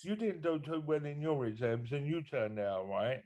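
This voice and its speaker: A man co-hosting a podcast in casual chat, speaking in a dry, deadpan way. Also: on the high side, normal speed. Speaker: podcast co-host.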